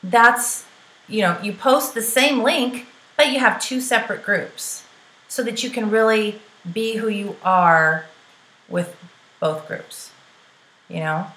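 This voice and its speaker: A woman coaching her sales team straight to camera in a chatty, peppy way. Her voice sits in a middle register. She keeps checking in with quick asides, and the room around her rings with a noticeable echo. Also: mid-range voice, fairly bright tone. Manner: chatty, peppy, tosses in "right?" and "girl" asides. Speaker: direct sales trainer. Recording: roomy echo.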